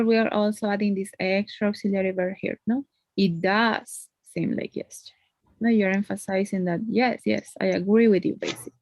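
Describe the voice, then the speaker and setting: A woman teaches English grammar in a patient, step-by-step way, often checking in with a quick "no?". Her voice sits at an average pitch. It is recorded close and dry, with no room sound. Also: a little mellow, no echo. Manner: patient, explains step by step with frequent tag questions. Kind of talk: one-on-one grammar lesson.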